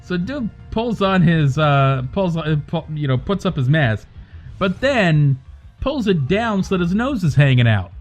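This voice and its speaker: A young man with a slightly high voice, chatting on a live game stream. He rants in an animated, profane way. Quiet music plays in the background. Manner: animated, swearing, quick rants. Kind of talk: casual live-stream chat.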